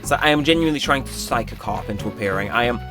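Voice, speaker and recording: A young man casually commenting on his gameplay, chatty and joking, now and then jumping into high-pitched exclamations. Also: lively intonation, fast talker. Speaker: gaming channel host. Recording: game music playing behind. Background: game music.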